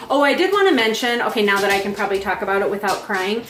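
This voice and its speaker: A woman's voice: mid-range voice, very animated, fast, a bit bright, echoey room, slight background noise. A woman in her forties on a farm, chatting in a rambling, casual way with frequent fillers. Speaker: vlog host. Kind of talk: casual chat. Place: home on a farm.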